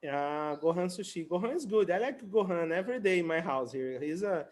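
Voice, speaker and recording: High-voiced chatty male English teacher. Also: expressive, fairly quick, a little mellow. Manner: chatty, laughing, repeats words to teach them. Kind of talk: casual online conversation class.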